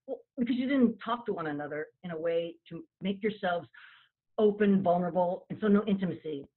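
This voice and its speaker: Guest therapist, woman, husky voice, earnest and explanatory, tinny phone-line sound. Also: lowish voice, brisk. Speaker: marriage and family therapist guest. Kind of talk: advice in an interview.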